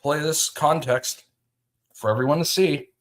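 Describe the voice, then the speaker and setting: Ranting with agitation about a feud, a man on a livestream frequently breaks off and begins again. His voice is fairly high and he talks a little slowly.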